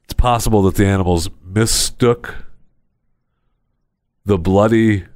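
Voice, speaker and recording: A man hosting a casual comedy podcast, telling odd news stories in a rambling, deadpan way with lots of pauses. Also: on the low side, dry recording, studio quality. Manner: rambling storyteller, many uh fillers, deadpan. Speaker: podcast host.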